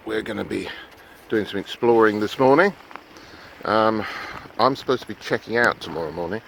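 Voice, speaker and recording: A man chatting casually in a travel vlog, rambling a little with fillers as he talks. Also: on the low side. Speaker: sailing vlogger. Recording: light background noise.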